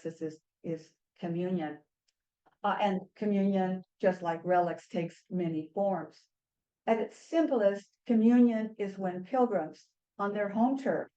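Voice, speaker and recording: A woman author giving an academic book talk in a measured, earnest way, with small restarts now and then. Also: mid-range voice, dark tone, highs cut off. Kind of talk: academic lecture.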